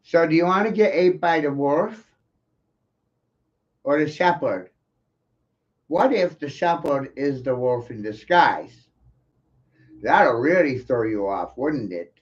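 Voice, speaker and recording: A man's voice: a little high, expressive, takes it slowly, long pauses, muffled recording. A man ranting in an intense, profane monologue full of rhetorical questions.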